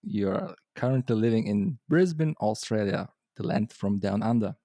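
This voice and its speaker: Chatty podcast host, dry close sound. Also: male voice, lowish voice, lively intonation, moderate pace, mellow, no echo. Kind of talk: casual interview chat.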